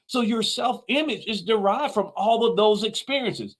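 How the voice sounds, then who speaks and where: A man's voice: high voice, normal speed, hardly any pauses. A man giving a motivational talk, emphatic and repeating his key phrases. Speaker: motivational speaker.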